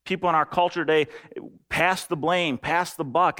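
A middle-aged pastor preaches in a somewhat high voice. He talks emphatically and with animation. He repeats his phrases for weight. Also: fairly even intonation, normal speed, pushed and bright. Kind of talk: sermon.

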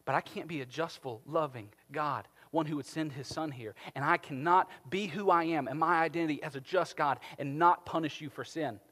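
Male pastor, fairly high voice, sermon delivery, long church-hall reverb. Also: normal speed, hardly any pauses. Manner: animated, rising to emphatic peaks then dropping soft.

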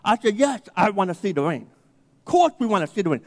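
A man's voice: sits high, very animated, quick pace. A man preaching a sermon, telling a personal story and acting out the dialogue. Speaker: pastor. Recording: long hall reverb.

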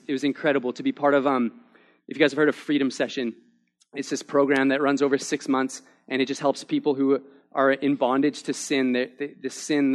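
A young man preaching a sermon, casual and peppered with "man", building to impassioned, emphatic peaks. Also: medium pitch. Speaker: pastor.

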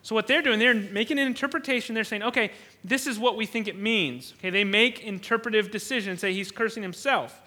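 A man's voice: high-pitched, a little fast, pushed and bright. A man preaching an expository sermon who often repeats words while he thinks and acts out the quoted lines. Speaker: pastor.

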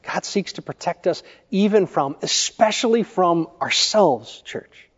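A male pastor preaching a sermon, telling stories in a measured way and putting questions to the congregation. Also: sits high, animated. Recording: echoey church hall, dull lo-fi sound.

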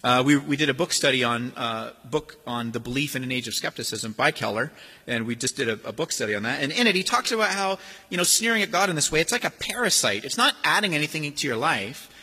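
A man delivering a sermon with a lively, swooping delivery and a slightly husky tone. His voice is bright and fairly high for a man. It rings out with a long reverb through a church hall. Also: quick pace. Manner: animated, acts out sneering voices. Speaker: pastor. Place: church sanctuary.

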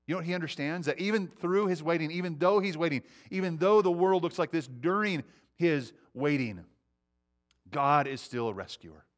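A man preaching a sermon, shifting between hushed reflection and fervent appeals, often repeating his words as he goes. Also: medium pitch. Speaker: pastor.

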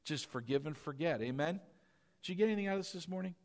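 A male pastor preaching a sermon, swinging between fervent shouts and quiet, confiding asides. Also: fairly high pitch, lively intonation, quick pace.

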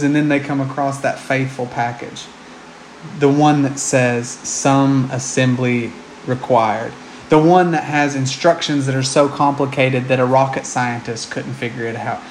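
A man preaching a conversational sermon, often pausing with ums and restarting his sentences. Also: on the high side, slight background noise. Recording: roomy echo.

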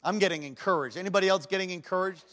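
High, bright-voiced man preaching. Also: rapid-fire. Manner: rousing, shouted exhortations alternating with hushed storytelling; calls to the congregation for responses. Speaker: pastor. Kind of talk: sermon. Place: church service before a congregation.

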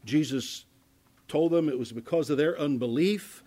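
Man, pastor, sermon teaching, fairly high voice, conversational, stumbling restarts, loud-to-hushed swings. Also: moderate pace. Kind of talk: sermon-style Bible teaching.

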